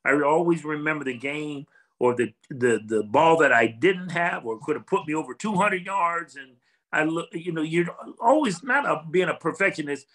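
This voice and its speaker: An older man with a bright, forceful voice, pitched a little high, talks through his memories in an easy interview. He is earnest and reflective and often restarts his sentences. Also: lively intonation, moderate pace, low-quality recording. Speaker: former football player, guest. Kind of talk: casual interview chat.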